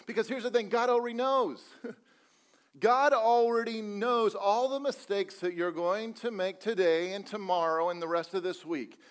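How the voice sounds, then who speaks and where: A man preaches a sermon at a church service in a fairly high voice. He talks earnestly and repeats his points, asking the congregation rhetorical questions. Now and then he drops in a light joke. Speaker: pastor.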